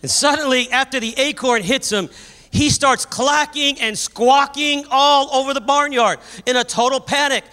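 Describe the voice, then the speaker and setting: A man preaching a sermon, telling a story with animated energy and raising his voice at the high points. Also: normal speed. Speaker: pastor. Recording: long hall reverb.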